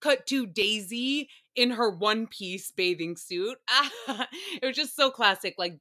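A woman's voice: medium pitch, expressive, a little slow, bright, forceful tone. A young woman hosting a casual solo podcast, gushing and giggling as she swears freely through a recap. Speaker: podcast host.

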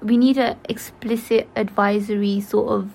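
A woman's voice: medium pitch, little pitch movement, moderate pace, vocal fry, darkish tone. A young woman co-hosting a podcast in casual chat, blunt and giggly, swearing freely. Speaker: podcast co-host.

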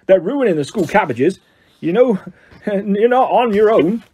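A huge, big-hearted gamekeeper from a storybook, gruff and growling, as a man puts him on. The voice is husky and lifted a little above the reader's own. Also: high voice, animated, unhurried, dark tone, voice pushed up, heavily acted.

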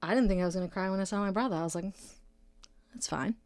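She talks fast in a medium-pitched, darkish voice on a dry recording. The host, a nurse from Brockton, Massachusetts, USA, around thirty-something, runs a casual solo podcast full of rambling, jokes and profanity.

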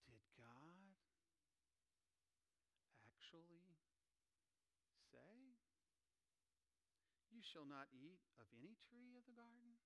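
A preacher doing a sly, hushed serpent tempter. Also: male voice, high-pitched, big pitch swings, slow pace, pauses often, pitched above the performer's own voice, heavily acted. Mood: insinuating. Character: sly, smooth-talking male serpent tempter.

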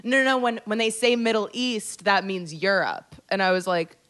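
Animated young woman telling a story. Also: mid-range voice, normal speed. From North America. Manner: animated storytelling, swears and laughs. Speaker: podcast co-host. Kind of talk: casual chat.

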